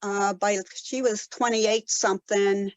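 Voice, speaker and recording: A woman in her seventies from Colorado, telling stories in a casual interview with many pauses and fillers. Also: mid-range voice, fairly even intonation, low-quality recording. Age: 70s. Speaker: guest, ultrarunner.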